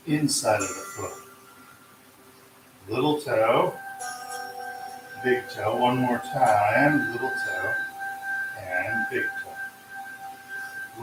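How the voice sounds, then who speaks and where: A man leading a tai chi class, calmly counting out slow step-by-step cues for balance exercises. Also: medium pitch. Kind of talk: guided exercise class instruction. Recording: roomy, distant mic with music.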